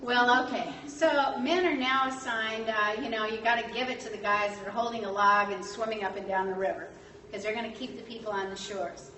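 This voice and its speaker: A woman's voice: a little high, brisk. Woman storyteller in an echoey room. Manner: lively retelling, acting out quotes, frequent fillers. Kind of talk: storytelling history talk. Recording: echoey room, distant mic, faint noise.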